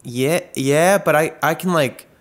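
A man's voice: on the high side, a little slow. A man hosting a casual conversation, reflective and thoughtful with some swearing. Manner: reflective, thoughtful, a little profane. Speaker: host.

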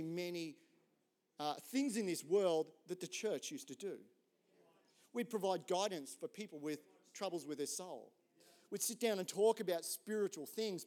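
A man, a pastor telling a story in a relaxed, conversational sermon and joking with the audience. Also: high voice. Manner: relaxed, chatty, jokes with the audience.

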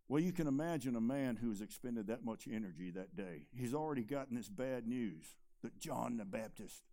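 A preacher man who delivers a sermon, swinging between loud emphatic stretches and quiet, low asides. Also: expressive, normal speed.

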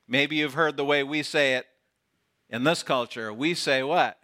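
Brief: male pastor, sermon delivery, bright tone, slow deliberate pace, playful asides. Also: medium pitch. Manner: playful, teasing, drops to a hush for effect. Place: outdoor gathering with camp chairs.

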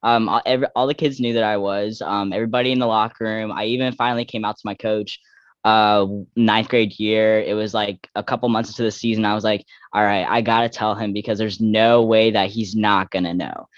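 Young male guest from Texas, lowish voice, rambling casual talk, dull dry lo-fi sound. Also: flat delivery, no room sound. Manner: rambling, heavy filler "like", quick restarts. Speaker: guest athlete.

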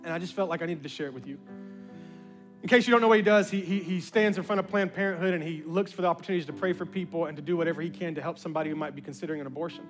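A man's voice: a little high, rapid-fire, soft background music. A man pastor telling a story in a sermon, acting out the voices of the people in it. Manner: animated, acts out quoted voices.

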